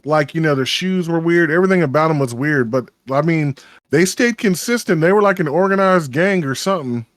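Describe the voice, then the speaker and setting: A man's voice: a little high, animated, brisk, no echo. A man with a Texas accent co-hosting a podcast, rambling in casual chat with lots of swearing and restarts. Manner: rambling, profane, many restarts. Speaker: podcast co-host.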